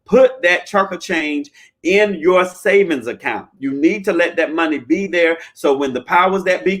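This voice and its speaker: A man giving home-buying and credit advice in a folksy, preachy way, often checking in with "all right?" and sometimes breaking into loud chanting. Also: on the high side. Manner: animated, bursts into loud chanting. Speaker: credit repair advisor. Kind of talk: live-streamed advice talk.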